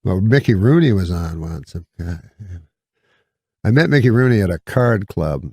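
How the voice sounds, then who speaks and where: A male comedian telling a rambling anecdote in a deadpan, halting way, chuckling and restarting as he goes. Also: on the low side, breathy edge, no echo. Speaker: comedian guest.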